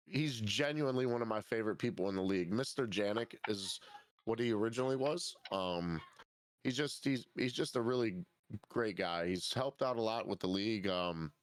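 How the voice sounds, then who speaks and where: A man's voice: lowish voice, normal speed, clean tone, no room sound. A man co-hosting a league stream, chatting enthusiastically and swearing casually. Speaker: league co-host.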